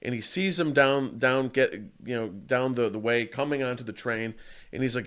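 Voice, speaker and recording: A man's voice: mid-range voice, normal speed, fairly bright tone. A man talking in a casual interview as a martial arts coach. He tells stories earnestly and rambles, often restarting his sentences.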